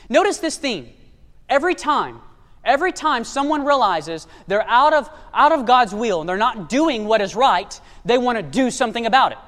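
A man's voice: extremely high pitch, animated, brisk, a bit bright. A man preaching a sermon, emphatic and full of rhetorical questions to the congregation. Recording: long reverb of a large hall.

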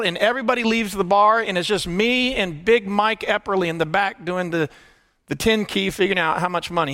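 A middle-aged man preaching by telling his own testimony, earnest and hushed at tender moments, rising with excitement. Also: high voice. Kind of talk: sermon storytelling.

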